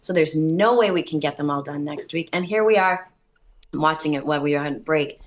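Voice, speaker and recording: A woman, a state senator, chatting as a guest on a radio show and telling stories in an animated way. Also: sits low, brisk. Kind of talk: casual radio interview.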